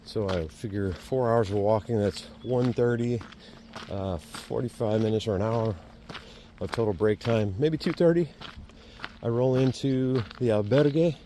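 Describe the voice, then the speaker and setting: A vlogger on a pilgrimage walks through a town, talking casually to his camera in a chatty, rambling way and joking with himself. His mid-range voice is mellow and a little slow, and street noise fills the outdoor recording.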